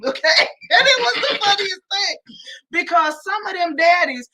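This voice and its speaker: A woman's voice: extremely high pitch, lively intonation, moderate pace, pushed and bright, poor audio. A woman co-hosting a family talk livestream, telling stories animatedly and calling her viewers y'all. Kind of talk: casual livestream chat.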